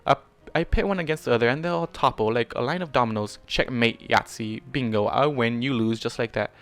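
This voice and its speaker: A man's voice: mid-range voice, fairly quick, fairly bright tone, lightly acted. A man reading aloud and voicing a smug, scheming male unicorn villain who gloats and taunts while worn out. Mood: smug gloating. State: tired, wheezing and short of energy.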